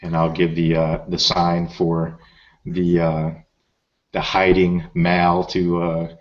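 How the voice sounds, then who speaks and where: A man's voice: deep voice, completely flat delivery, takes it slowly. A middle-aged man playing a tabletop role-playing game, hesitant with many fillers. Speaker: player. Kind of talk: tabletop role-play, in and out of character. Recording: slightly muffled lo-fi recording.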